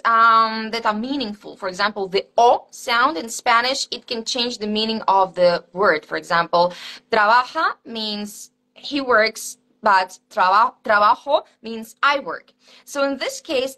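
A woman's voice: a little high, pushed and bright, low-quality recording. A woman, a language teacher, answering interview questions in an explanatory way with frequent fillers. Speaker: Spanish teacher and guest.

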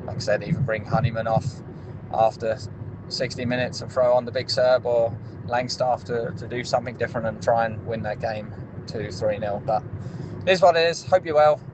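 A man's voice: medium pitch, little pitch movement, moderate pace. A frustrated man rambling through a casual voicemail message. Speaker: caller leaving a voicemail. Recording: voicemail with loud background noise.

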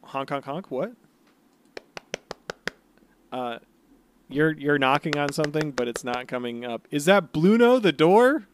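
A man's voice: on the high side, lively intonation, unhurried, long pauses, a little hiss or hum. A man co-hosting a casual podcast chat, teasing and swearing with enthusiasm. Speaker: podcast co-host.

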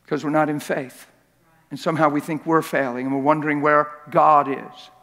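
A man with a high voice preaching a sermon in a large church hall, and his words ring out with a long reverb. He preaches with passion and acts out little scenes and voices to drive his points home. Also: level tone, moderate pace, a bit bright. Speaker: pastor.

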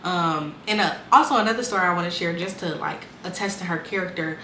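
In an echoey room with faint background noise, a young woman runs through her life story in a casual, blunt way, swearing plenty and acting out people's words. Her voice is on the low side, quick, pushed and bright.

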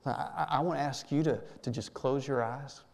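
A middle-pitched man with a gravelly edge leads a quiet guided meditation. He speaks gently and haltingly, repeating words and easing into a hush. His voice rings with the long reverb of a church hall. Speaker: minister. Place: church sanctuary.

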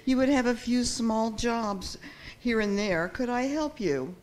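Woman playing a wise traveling carpenter, calm, gentle, unhurried, storytelling. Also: a little high.

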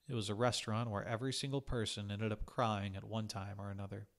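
A man reading a literary short story aloud in a calm, measured way. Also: lowish voice. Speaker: reader.

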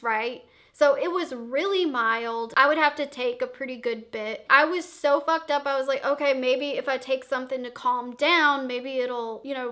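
A young woman tells a wild story straight to camera, swearing freely and acting out every beat. Her voice sits high and bright. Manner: animated, profane, dramatic retelling. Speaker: vlogger. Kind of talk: casual storytime vlog.

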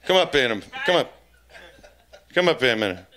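A man's voice: mid-range voice, sing-song, a little fast, bright, forceful tone. A man doing live stand-up comedy on a club stage, crude and taunting the audience as he keeps repeating the same pun into a handheld mic.

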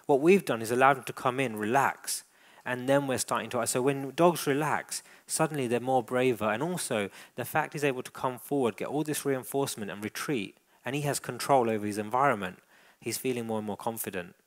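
A man giving a live dog-training demonstration, calmly narrating a dog's behaviour and encouraging the owner. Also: medium pitch, brisk. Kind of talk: presentation with live coaching. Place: indoor event hall.

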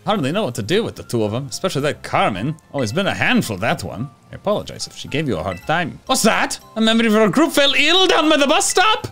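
A man voicing a gruff older male village caretaker in a put-on, shaky Scottish accent. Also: fairly high pitch, very animated, very slow, pauses often, faint music behind, full character voice. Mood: friendly.

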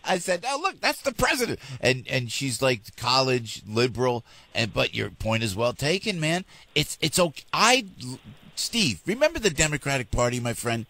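Animated New talk radio host. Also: male voice, mid-range voice, moderate pace, creaky. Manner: animated, emphatic, repeats phrases. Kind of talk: heated talk radio conversation. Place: radio studio.

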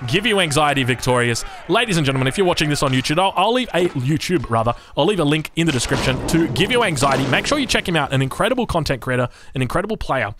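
A man's voice: a little high, fast talker, few pauses. An Australian man casting a strategy match in a loose, chatty play-by-play. He stumbles and corrects himself, and his voice leaps up sharply when the action heats up. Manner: chatty, self-correcting, bursts into excited hype. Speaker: game caster. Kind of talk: esports play-by-play commentary.

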